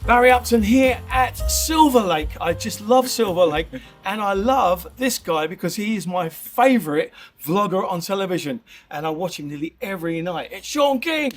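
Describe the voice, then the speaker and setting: A man's voice: high-pitched, moderate pace, soft background music. A man hosting a casual outdoor interview, keen and enthusiastic as he prompts his guest. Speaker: host, interviewer. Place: outdoors at a lakeside park.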